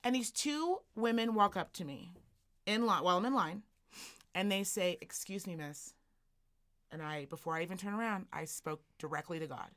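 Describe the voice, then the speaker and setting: A woman co-hosting a podcast, telling a story as a profane, animated rant and acting out the people in it. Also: medium pitch. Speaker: podcast co-host.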